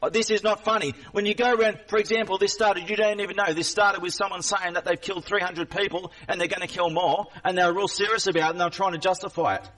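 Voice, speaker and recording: A man's voice: high-pitched, steady tone, fast, hardly any pauses, a bit bright, recorded from a distance, poor audio. A man in an angry, confrontational rant at a chat viewer during a live stream, repeating himself and swearing.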